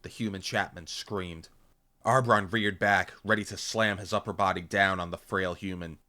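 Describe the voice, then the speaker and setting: A man narrating an action-packed novel in first person, intense and punchy, voicing loud sound effects. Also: low-pitched, fairly even intonation, normal speed. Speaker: audiobook reader.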